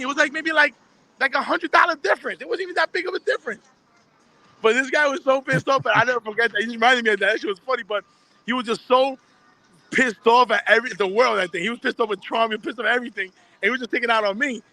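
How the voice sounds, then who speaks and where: A middle-aged man who runs a heating and repair business, telling stories as an interview guest in an excitable way, swearing and acting out his customers in loud bursts. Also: very high-pitched, dry recording. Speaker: HVAC business owner, guest. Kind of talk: animated storytelling in an interview.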